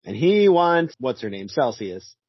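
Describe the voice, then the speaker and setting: A man co-hosting a casual podcast, playful and quick to laugh. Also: mid-range voice, very animated, husky, dry recording, dull audio. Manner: laughing, playful, acts out quotes. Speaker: podcast co-host. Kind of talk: casual comic book chat.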